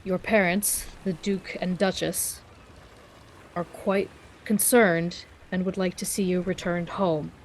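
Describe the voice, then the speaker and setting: A woman voicing a calm, measured knight who speaks formally and deliberately. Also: fairly low pitch, a little hiss or hum, low-quality recording. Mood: reassuring.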